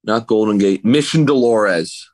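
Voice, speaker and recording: Low-voiced man telling a rambling story. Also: measured pace, a little mellow, dry recording. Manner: laid-back, rambling, chuckles often. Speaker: podcast guest. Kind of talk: casual storytelling chat.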